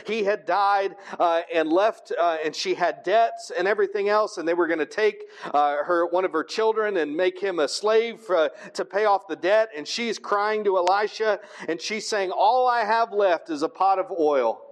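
Delivering a sermon at a moderate pace and rarely pausing, a preacher with a strikingly high voice reads from scripture. He then unpacks it conversationally in simple terms, often checking in with "right?".

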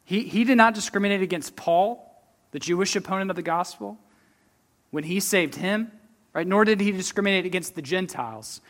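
A man's voice: on the high side, a bit bright. A man preaching a sermon with earnest conviction, often repeating words and asking "right?" as he reads and explains Scripture. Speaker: pastor.

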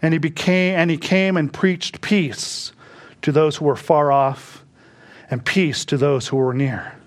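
A man preaching a sermon, moving between quiet, hushed reflection and sudden bursts of emphasis. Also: fairly high pitch, fairly even intonation. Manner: slow, reflective preaching that drops to a hush and rises to bursts of emphasis. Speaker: pastor.

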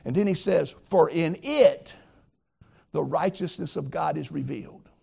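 A man's voice: a little high, unhurried, gravelly, warm tone, breathy edge. A man preaching a sermon as pastor, earnest and emphatic, talking straight to his listeners.

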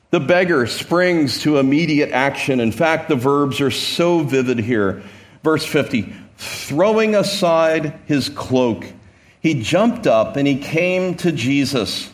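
A pastor preaching a sermon in a slightly higher-pitched male voice. He retells the scene with energy, often restarting words, then dropping low and rising again to exclaim. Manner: animated preaching with many stammered restarts; acts out Gospel scenes, swinging from hushed to exclaiming.

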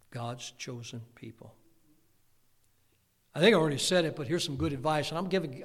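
A middle-aged man preaching a folksy sermon as pastor, going from quiet asides to loud, fervent shouting. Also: mid-range voice, vocal fry. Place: church hall. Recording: long hall reverb.

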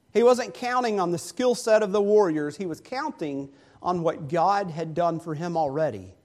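High-voiced male preacher telling a story. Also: a little mellow. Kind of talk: sermon.

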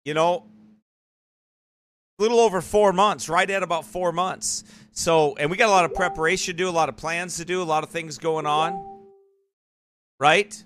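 Man, church live-stream host, rambling chat, tense bright voice. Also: on the high side, fairly even intonation, moderate pace, long pauses. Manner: rambling, digressive. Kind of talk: casual live-stream commentary.

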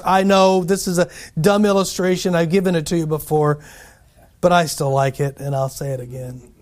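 A man preaches with a notably high voice and a folksy, conversational delivery. He repeats key phrases for emphasis and often restarts his sentences. It sounds like an easygoing sermon. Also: steady tone, moderate pace, darkish tone. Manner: folksy, repetitive, frequent restarts.

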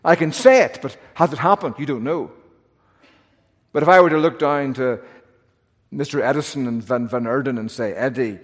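A male pastor preaching an earnest, animated sermon from the pulpit, with touches of self-deprecating humor. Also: medium pitch, moderate pace. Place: church sanctuary, pulpit. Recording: long church reverb.

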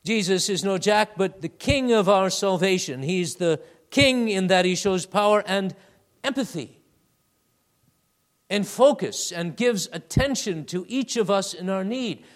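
Preaching to his congregation, a man calls them beloved and moves between loud, emphatic peaks and hushed, low asides. His delivery is animated and a little slow.

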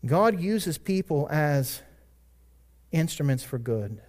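Speaking slowly and with animation, a male pastor preaches in a higher-pitched, somewhat mellow voice. He sounds earnest and conversational, building to emphatic moments before dropping into casual asides and correcting himself as he goes.

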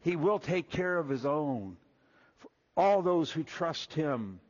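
A man preaching a sermon, folksy and animated, acting out little quoted voices as he walks through Scripture. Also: a little high, slow pace, lo-fi sound. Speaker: pastor.

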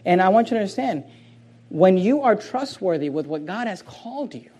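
A pastor preaches a sermon in an unusually high, breathy-edged voice, animated and brisk. He swings between loud, forceful outbursts and quiet, low asides, and mimics people's excuses in a whiny tone before answering them bluntly.

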